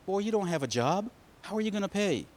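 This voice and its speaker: A man voicing a stern but gentle father lecturing his son in a storybook tale. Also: high-pitched, sing-song, quick pace, pitched above the performer's own voice.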